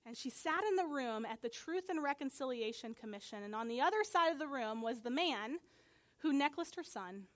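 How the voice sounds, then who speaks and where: A woman with a high, bright voice preaches from the pulpit. She tells a story earnestly and builds to emphatic, fervent peaks. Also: expressive, a little fast. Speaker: pastor. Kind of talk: sermon.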